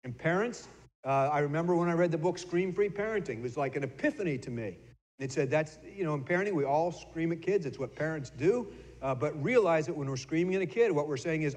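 A man's voice: a little high, a little mellow. A middle-aged man giving a sermon as pastor, talking in a conversational way, often repeating words and acting out little bits of dialogue. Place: church sanctuary. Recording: long church reverb.

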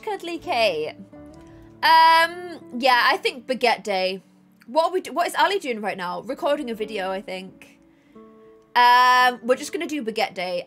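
A woman's voice: high-pitched, fairly bright tone. A woman streaming a game live, chatting bubbly with dramatic exclamations and thanking viewers. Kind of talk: live gameplay stream chat.

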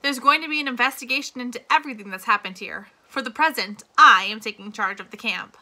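A woman reading aloud and voicing a brisk, official male attorney general. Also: on the high side, bright, forceful tone. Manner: formal, official.

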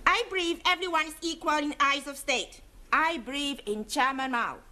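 An actress playing an earnest, dogmatic young student who speaks broken English, in a 1970s sitcom. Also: female voice, high-pitched, normal speed, bright, forceful tone. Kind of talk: 1970s British sitcom acting.

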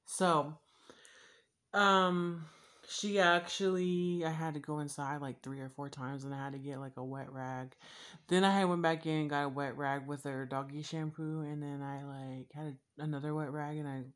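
A woman's voice: deep voice, flat delivery, moderate pace, a bit bright. A woman YouTuber chatting casually while eating on camera, rambling and swearing freely with lots of fillers. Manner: rambling and profane, with frequent fillers.

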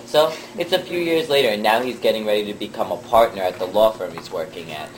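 A man's voice: on the low side, fast. Man rambling through a long joke. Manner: rambling, self-correcting, amused. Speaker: joke teller. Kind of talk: casual storytelling. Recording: noisy with clicks.

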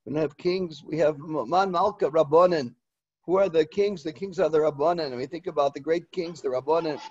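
An older man, a yeshiva head, delivering a eulogy sermon in a halting, repetitive way, with Hebrew and Yiddish terms mixed in. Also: on the high side, husky, no echo, highs cut off. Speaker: rosh yeshiva giving a eulogy.

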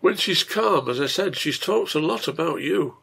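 A man's voice: a little high, expressive, moderate pace, creaky, a bit bright, slightly rough, voice pushed up, heavily acted. A man reading the lines of the innkeeper's wife, grave and reproachful, in a storybook reading. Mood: grieving. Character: stern grown woman, the innkeeper's wife.

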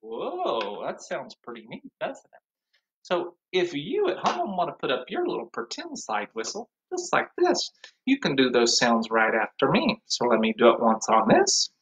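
A man's voice: fairly high pitch, wildly swooping pitch, moderate pace, a bit bright, low-quality recording. A man teaching an online music class to young children, talking cheerfully and singing along with a ukulele.

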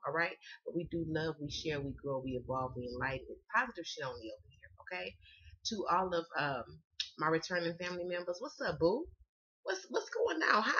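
A woman's voice: low voice, a bit bright, husky, dull audio. A woman from the American South with a Southern accent, reading tarot in a chatty, slangy way and swearing freely. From Southern United States. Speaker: tarot card reader. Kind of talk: casual tarot reading to camera.

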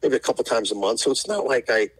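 A man's voice: mid-range voice, big pitch swings, fast talker, slightly rough, dry recording, poor audio. A middle-aged man from New York, a podcast guest, telling a rambling story and acting out what people said. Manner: rambling storyteller, acts out quotes. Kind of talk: casual podcast conversation.

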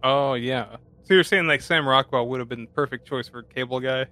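A man's voice: mid-range voice, fairly quick, pushed and bright, no echo. A man co-hosting a casual beer-and-movie podcast, laid-back and making joking asides. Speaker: podcast co-host.

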